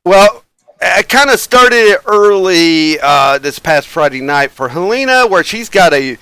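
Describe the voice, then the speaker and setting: Bright, clear-voiced male game master. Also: high voice, lively intonation, unhurried, no echo. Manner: rambling, chuckles often, many fillers. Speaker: game master and stream host. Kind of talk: casual chat to a live stream audience.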